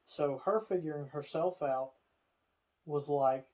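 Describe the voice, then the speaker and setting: A man with a lilt spins a story for his podcast co-host. His voice sits a little high, and he keeps the telling loose and casual, jumping into the voices of the people he describes. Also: slow. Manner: animated storyteller, acts out others' lines.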